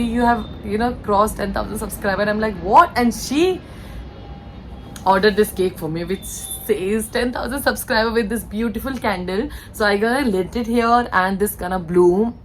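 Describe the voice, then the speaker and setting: A woman's voice: mid-range voice, slight background noise, low-quality recording. A woman in her thirties with an Indian English accent, chatting to camera in her room at home in a rambling way, often correcting herself. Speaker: vlogger. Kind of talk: casual chat to camera. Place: bedroom at home.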